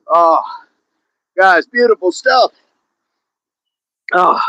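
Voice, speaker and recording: A man's voice: sits high, slow pace, long pauses, pushed and bright, dry recording, highs cut off. A man hosting a live workout stream outdoors, counting reps aloud and joking with the chat. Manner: jokey, laughs often, counts reps aloud. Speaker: fitness livestream host.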